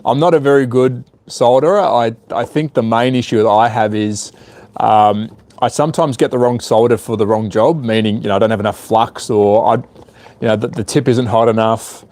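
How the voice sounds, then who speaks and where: A man's voice: mid-range voice, fairly even intonation, moderate pace, darkish tone, no room sound. A man chatting casually on a live stream while repairing a small device, muttering to himself as he works. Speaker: hobby livestreamer.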